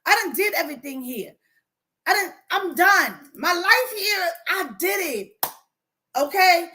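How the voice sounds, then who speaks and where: A woman life coach speaking on a livestream to her viewers, animated and preachy. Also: very high voice, measured pace, a little hiss or hum. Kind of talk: livestream motivational talk.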